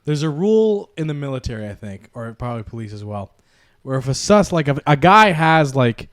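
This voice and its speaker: A man's voice: medium pitch, very animated, brisk, a bit bright, no room sound, studio quality. A young man co-hosting a casual podcast, laid-back, chiming in with jokes and retold stories. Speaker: podcast co-host. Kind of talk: casual chat.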